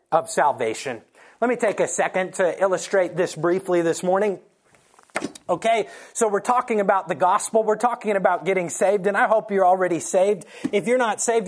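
A preacher delivering a morning sermon, telling scripture stories with lively acted-out quotes and slowing down to stress key points. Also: mid-range voice. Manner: animated storytelling, acting out quoted lines. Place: church morning service.

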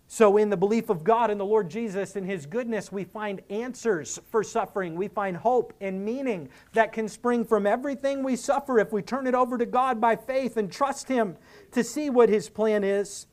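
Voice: medium pitch, darkish tone. A preacher giving an expository sermon, earnest and emphatic, reasoning with the listeners and acting out quoted speakers.

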